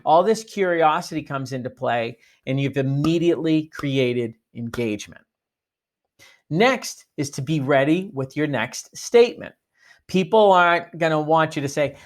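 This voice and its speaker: A man with a slightly high, animated voice speaks at a normal pace during a sales training talk. He coaches his listeners and acts out sample phone greetings to show how the lines should sound.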